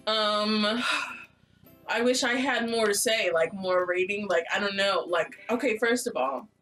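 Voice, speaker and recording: A woman's voice: medium pitch, measured pace, fairly bright tone, soft background music, poor audio. A young woman co-hosting a casual reaction chat, with dry, laid-back commentary. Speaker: reaction channel co-host.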